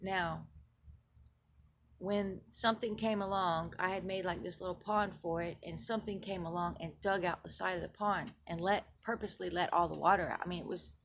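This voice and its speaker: Gravelly-voiced woman, earnest dream storytelling. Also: fairly low pitch, steady tone, moderate pace, a bit bright, slight background noise. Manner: earnest, emphatic, repeats herself, restarts phrases. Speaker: Christian video blogger. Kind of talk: recounting a dream and its spiritual meaning.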